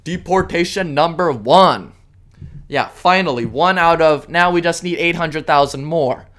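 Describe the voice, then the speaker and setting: A man hosting a solo podcast, ranting sarcastically and indignantly, jumping between loud outbursts and muttered asides. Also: on the high side, unhurried. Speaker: podcast host. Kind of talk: solo opinion rant.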